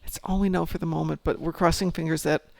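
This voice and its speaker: A man's voice: on the high side, fairly even intonation, fast, vocal fry, a little mellow, no echo. A man hosting a casual gaming stream, chatting with his group and answering chat messages in a rambling, friendly way. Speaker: streamer host.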